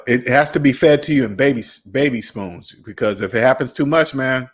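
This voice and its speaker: Chill guy host wrapping up his show, keeps saying man, kinda slow. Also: medium pitch, a bit bright. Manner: laid-back, says "man" often, wraps up slowly. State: hiccuping. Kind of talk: casual chat.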